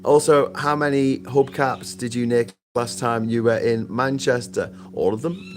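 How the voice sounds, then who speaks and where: A man's voice: medium pitch, measured pace, few pauses. A man hosting a casual livestream chat, rambling and swearing freely. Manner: rambling, sweary, animated asides. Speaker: livestream host.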